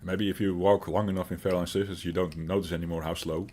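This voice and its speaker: Dutch man, 30s, low voice, casual streaming chatter, lots of fillers. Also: little pitch movement, fast talker, mellow, a little hiss or hum. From Netherlands. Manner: chatty, reads out and answers chat, rambling with fillers. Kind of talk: casual live-stream chat.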